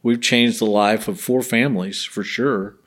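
A man's voice: on the low side, fairly even intonation, a little slow. Earnest middle-aged man telling stories. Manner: earnest, acts out quoted voices. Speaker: guest, bereaved father. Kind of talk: casual interview storytelling.

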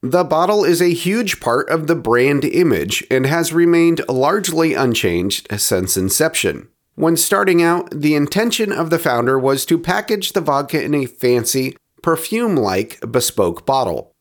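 A man hosting a podcast, describing a bottle and tasting it in a measured, descriptive way, with quieter asides as he handles it. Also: fairly high pitch, expressive. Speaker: podcast host reviewing spirits. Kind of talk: scripted review narration.

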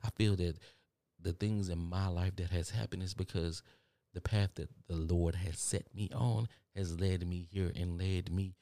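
A man's voice: deep voice, fairly even intonation, a little slow, warm tone, no echo, clean studio sound. A man from Texas with a Texan drawl, hosting a podcast in a rambling, preachy motivational monologue that repeats its phrases. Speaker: podcast host. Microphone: studio microphone.

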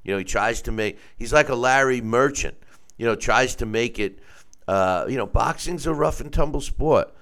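A man's voice: medium pitch, normal speed, fairly bright tone. A man hosting a casual boxing commentary show, giving blunt, opinionated takes.

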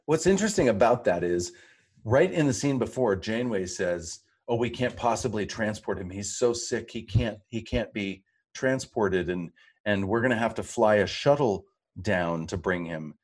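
Male co-host, middle-aged, low-pitched, animated storyteller. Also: moderate pace. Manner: animated storyteller, acts out quotes. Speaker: podcast co-host. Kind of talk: casual chat.

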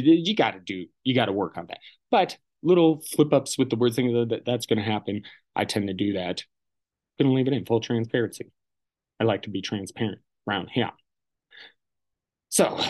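A man hosting his own podcast, talking alone in a loose, rambling way, swearing freely and often stopping to correct himself. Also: mid-range voice. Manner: rambling and profane, self-correcting with many restarts. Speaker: podcast host. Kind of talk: casual solo podcast monologue.

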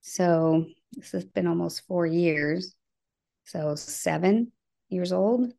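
A middle-aged woman, a guest on a podcast, recounting events in an earnest, halting way, with frequent restarts and asides. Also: fairly low pitch, gravelly, dark tone. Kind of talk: conversational interview storytelling.

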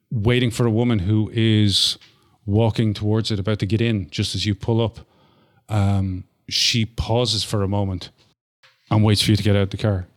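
A man narrating as game master of a tabletop game, relaxed and full of fillers. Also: fairly low pitch.

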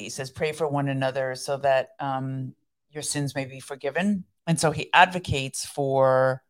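A woman co-hosting a casual faith podcast, explaining ideas in a chatty way. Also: low voice. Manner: explanatory, chatty, laughs easily. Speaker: podcast co-host. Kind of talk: casual chat.

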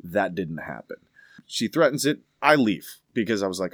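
A man casually telling a story with emphatic, animated delivery. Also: deep voice, a little fast, dry recording, studio quality.

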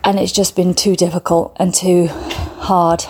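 A woman's voice: on the low side, flat delivery, unhurried, darkish tone, a little hiss or hum. A woman in her thirties from England, a comedian chatting casually and swearing freely in a vlog filmed on her phone. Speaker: comedian and vlogger. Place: home kitchen and seaside beach.

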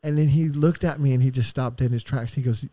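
A middle-aged man, a podcast guest, telling a painful personal story in a raw, profane and heartfelt way, with sighs and halting restarts. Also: medium pitch, steady tone, dark tone, dry recording.

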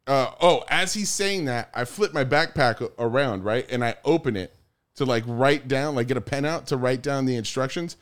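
A man casually telling a story among friends, animated, swearing a lot and acting out the quotes. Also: mid-range voice, moderate pace, clear, resonant tone.

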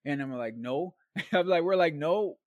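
A man's voice: a little high, measured pace, no room sound, lo-fi sound. A man telling a long story in a casual, rambling way, with lots of fillers and slang asides. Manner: rambling and animated, heavy on fillers like "like", "man" and "bro". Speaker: guest storyteller.

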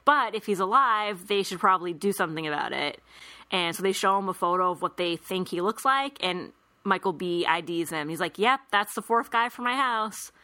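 Brief: woman podcast host, bright and crisp tone, dry close sound, laughs easily while recapping. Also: fairly low pitch, lively intonation, normal speed, no echo. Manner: laughs often, retells scenes with quoted lines. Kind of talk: casual chat.

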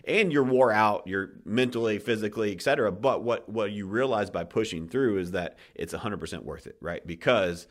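This podcast host speaks fast with a fairly low pitch, barely pausing. His tone is casual and passionate, full of swearing and restarted sentences, and emotion creeps in as his story unfolds.

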